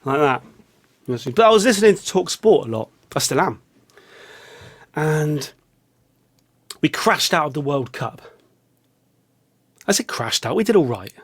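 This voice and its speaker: Rambling English man, slightly high voice. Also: sing-song, unhurried, pauses often. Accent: English, London. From England. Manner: rambling, self-mocking, big swings of voice. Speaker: vlogger. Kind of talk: rambling comic monologue. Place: small hot studio.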